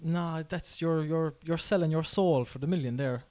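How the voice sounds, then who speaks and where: A man's voice: fairly high pitch, normal speed, a little mellow. An Irish man co-hosting a casual podcast, easygoing, ending lines with "boy" and "kid". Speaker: podcast co-host.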